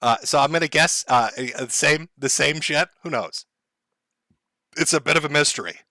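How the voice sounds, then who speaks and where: A man's voice: fairly high pitch, normal speed, bright, forceful tone, no echo, studio quality. A man hosting a casual livestream from home, ranting sarcastically with frequent laughs, swearing and mock-tragic asides. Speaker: livestream host. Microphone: headphones and desk mic.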